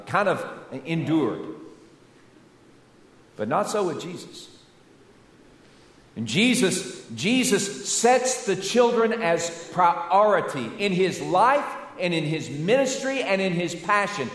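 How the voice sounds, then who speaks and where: A Southern American pastor preaching a folksy, animated sermon full of rhetorical questions. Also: male voice, a little high. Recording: echoey church hall.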